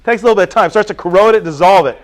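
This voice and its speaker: A man's voice: sits high, soft background music. A man teaching a class, telling stories and firing questions at his students. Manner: animated, storytelling with quick questions to students. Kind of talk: classroom lecture.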